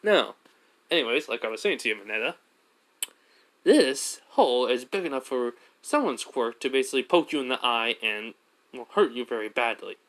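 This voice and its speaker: A man's voice: medium pitch, animated, normal speed, fairly bright tone. A man voicing a cheerful, playful young male student who talks chattily in a raised voice. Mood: friendly.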